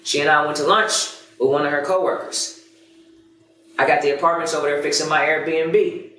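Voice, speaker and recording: A high, bright-toned man tells a personal story as a podcast host, swearing freely and running himself down. He sits well back from the mic, and his voice bounces around a very echoey room. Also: normal speed, recorded from a distance. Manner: profane, animated, self-critical. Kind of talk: candid storytelling monologue.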